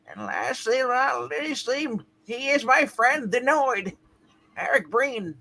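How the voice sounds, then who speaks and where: A woman's voice: high-pitched, big pitch swings, slow pace, creaky, bright, forceful tone, a little hiss or hum. A woman hosting a playful group comic reading, announcing in a theatrical, mock-grand way. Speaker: host.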